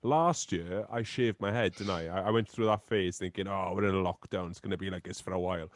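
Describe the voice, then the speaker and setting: A man's voice: sits low, a little fast, no echo, clean studio sound. A young man in his twenties, co-hosting a podcast and telling teasing stories about a friend in casual chat. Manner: teasing storyteller, animated. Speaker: podcast co-host.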